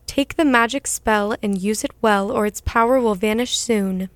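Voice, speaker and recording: Brief: woman voicing small storybook fairy sprite, light rhyming sing-song, higher pitch, dry booth. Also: moderate pace, no echo, natural voice. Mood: airy. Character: small airy fairy spirit with wings.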